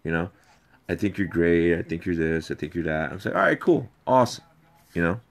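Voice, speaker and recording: A man with a fairly low voice tells a rambling personal story in a played clip. He gets animated and keeps circling back over the same points. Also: fast talker. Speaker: video subject ranting about an ex.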